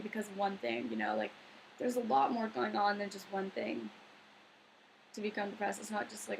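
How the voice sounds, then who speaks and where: Earnest young woman with a gravelly edge. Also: medium pitch, lively intonation, normal speed, a little hiss or hum, low-quality recording. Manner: earnest, rambling, with filler words. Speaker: vlogger. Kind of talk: casual advice vlog.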